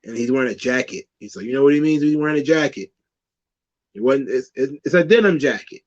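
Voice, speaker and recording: Muffled audio carries a man's animated, fast, mid-pitched voice. He's a podcast host running a casual talk show about wrestling, where he wanders from story to story, swears a lot, and keeps breaking into laughter.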